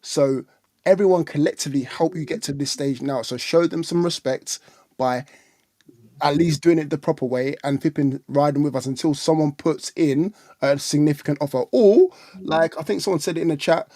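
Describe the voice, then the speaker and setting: A man's voice: a little high, moderate pace, mellow, no room sound, studio quality. A man co-hosting a casual fan livestream, ranting bluntly and animatedly, with mocking put-on voices. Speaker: fan channel co-host. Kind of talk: casual livestream football chat.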